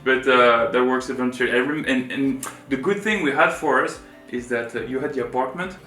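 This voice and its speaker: A man's voice: mid-range voice, a little fast. Man telling a story. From France. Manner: rambling, filler-heavy, animated. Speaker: co-host. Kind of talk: casual storytelling chat. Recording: roomy room with faint guitar music.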